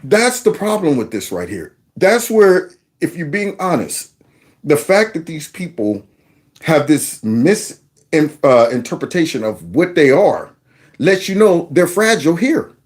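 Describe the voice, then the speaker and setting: A man hosting a video commentary, reacting to clips in an animated, sarcastic, conversational way. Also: a little high, measured pace. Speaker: host.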